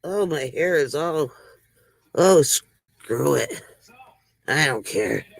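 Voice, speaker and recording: A woman's voice: low voice, lively intonation, extremely slow, creaky, dry recording, poor audio. A woman hosting a casual livestream, chatting with viewers, greeting them by name and telling corny jokes. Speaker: livestream host.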